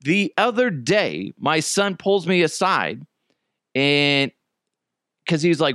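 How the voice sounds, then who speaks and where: A middle-aged podcast host speaks slowly, pausing often, in a slightly high voice as he hiccups through crude jokes and stories on his casual solo show. His storytelling is animated and joking, and the recording is studio quality without echo.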